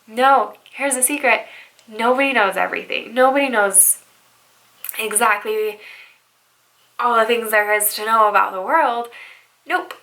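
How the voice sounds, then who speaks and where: A woman's voice: on the high side, a little slow, long pauses, bright, forceful tone, low-quality recording. A young woman who works as a bridal stylist, giving upbeat, chatty motivational advice and often checking in with "right?". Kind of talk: motivational vlog talk.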